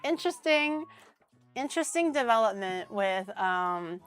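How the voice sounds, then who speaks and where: A woman's voice: fairly high pitch, lively intonation, a little slow, clear, resonant tone, soft background music. A young woman from Canada, chatting animatedly as she cooks on her stream, laughing often and swearing casually. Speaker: streamer hosting a cooking collab. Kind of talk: casual chat while cooking.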